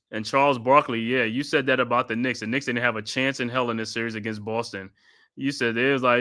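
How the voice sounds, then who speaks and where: A man from New York hosting a live stream of excited postgame fan commentary, trash-talking and constantly repeating his catchphrases. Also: medium pitch, brisk. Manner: laughs often, trash-talking rival fans. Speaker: sports live-stream host.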